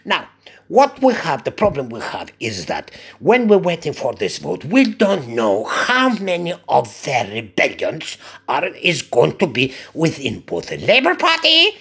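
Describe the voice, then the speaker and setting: Older man from Cyprus, chatty rambling talker who chuckles, husky and lively. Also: on the high side, a little slow. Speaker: barber. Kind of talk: casual monologue.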